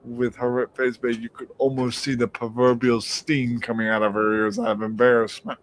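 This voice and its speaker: A man casually telling stories on a live stream call, animated and swearing freely. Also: normal speed, slight background noise. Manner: animated, acts out quotes in a high mocking voice, swears freely. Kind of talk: casual storytelling chat. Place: home.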